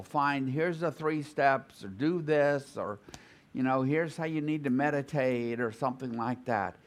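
A man teaching a small Bible study group at an unhurried, deliberate pace. He thinks out loud, repeating and reworking phrases as he explains a passage. His pitch sits in an ordinary middle range for a man. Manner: thoughtful, repeats and restarts phrases while reasoning aloud.

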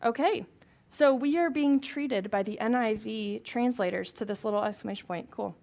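Gravelly-voiced woman leading Bible study. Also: on the high side, moderate pace, a little mellow. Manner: chatty, asks the group questions, reads scripture aloud. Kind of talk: conversational Bible teaching to a small group.

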